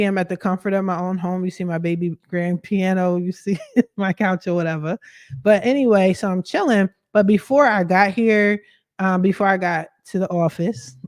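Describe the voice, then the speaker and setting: A woman's voice: fairly low pitch, dry recording, studio quality. Chatty woman telling a story on a livestream. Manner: chatty, animated, multitasking while talking. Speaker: credit expert livestreaming. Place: living room at home.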